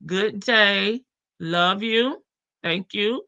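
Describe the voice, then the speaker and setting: A woman's voice: mid-range voice, animated, unhurried, pushed and bright. A woman hosting a casual live stream, chatting and laughing with her viewers in as she reads updates. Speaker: livestream host. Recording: dull lo-fi stream audio.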